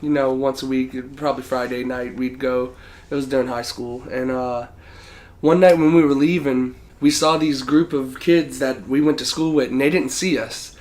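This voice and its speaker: A man's voice: medium pitch, fairly even intonation, normal speed, darkish tone. A young man co-hosting a podcast, telling a story in a laid-back, profane way and laughing as he goes. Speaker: podcast co-host. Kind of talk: casual storytelling.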